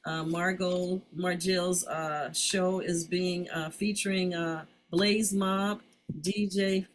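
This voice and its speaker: A woman's voice: lowish voice, flat delivery, slow, a little hiss or hum, rough recording. Hesitant woman hosting a call. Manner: hesitant, many ums, encouraging. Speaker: host. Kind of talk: community panel talk.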